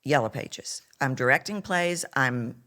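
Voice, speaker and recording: Pitched extremely low and paced with care, this middle-aged woman speaks with a Texan accent. A voice coach in an interview, she narrates her story animatedly and dramatizes quoted speech.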